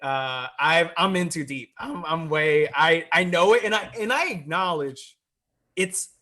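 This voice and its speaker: A comedian talking as a podcast guest, telling a story with lively swearing and bursts of shouting. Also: male voice, a little high, measured pace. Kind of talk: casual chat.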